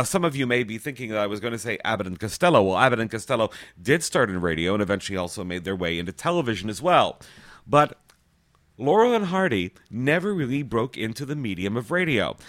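Male radio host, conversational, animated pitch, dry close sound. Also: no room sound. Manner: conversational, with filler pauses. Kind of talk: presenting archive recordings.

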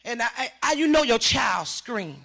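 An older woman giving emotional personal testimony as a mother, talking emphatically and repeating herself, her voice rising into shouts. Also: fairly high pitch, big pitch swings, normal speed, creaky.

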